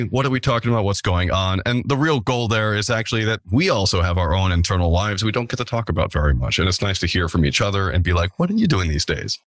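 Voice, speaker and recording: A man hosts a casual podcast with a low-pitched voice and a playful, jokey delivery. The sound is dry and close, with no room around it. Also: fairly bright tone, no room sound. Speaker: podcast host.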